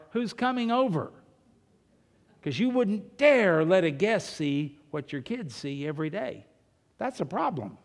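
A male pastor preaching a sermon in a church, talking conversationally, asking rhetorical questions and telling humorous anecdotes. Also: high voice. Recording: long reverb of a large hall.

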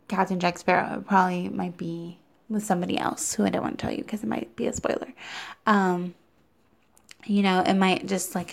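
A woman's voice: mid-range voice, vocal fry, darkish tone. A young woman hosting a casual podcast, rambling and chatty as she reviews a film. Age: young adult. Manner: chatty and rambling, with many fillers. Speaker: podcast host reviewing films. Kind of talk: casual chat.

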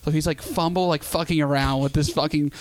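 A man's voice: on the high side, steady tone, fairly quick. A young man telling a story in casual chat, swearing freely and acting out quotes.

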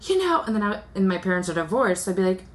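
Lower-voiced woman guest, playful. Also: steady tone, very fast, fairly bright tone. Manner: self-mocking, playful. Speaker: podcast guest. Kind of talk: casual chat.

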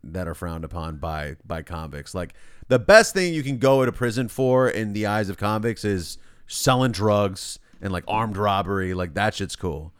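A man's voice: on the low side, animated, moderate pace, clear, resonant tone, dry recording, studio quality. A man chatting loosely on a podcast, jokey and casual, with plenty of filler words.

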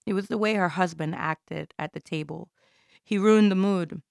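A woman's voice: fairly low pitch, moderate pace, vocal fry, darkish tone, no room sound, studio quality. A woman from Jamaica performing an intense, theatrical spoken-word monologue.

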